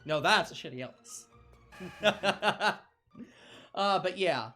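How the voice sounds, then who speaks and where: Bright-voiced laughing game streamer. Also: male voice, high voice, animated, slow pace, soft background music. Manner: laughing, self-interrupting, reads chat aloud. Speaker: stream co-host. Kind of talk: casual gaming stream banter.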